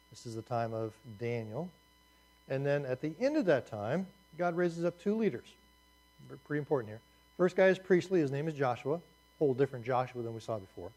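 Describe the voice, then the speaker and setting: A man teaching a lively overview lecture, telling the story with jokes and asides as he points at a map. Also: on the high side. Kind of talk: Bible survey lecture.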